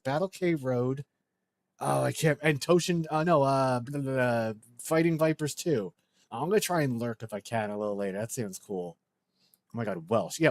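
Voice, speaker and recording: A man's voice: medium pitch, dry recording. A man live-streaming a speedrun, chatting casually and joking with his viewers.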